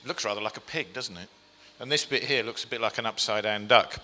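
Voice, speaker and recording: A fast-talking man with a lowish, bright and forceful voice gives a slide presentation to a live audience in an event hall. He's chatty and self-deprecating, peppering the talk with ums and questions to the crowd, all under a long hall reverb.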